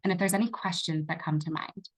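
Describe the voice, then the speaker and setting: A woman runs a teacher training session over a video call. Her voice sits fairly low, and she talks in a relaxed, conversational way, often pausing with fillers and restarting sentences. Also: husky, rough recording. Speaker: workshop facilitator. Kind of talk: online training presentation.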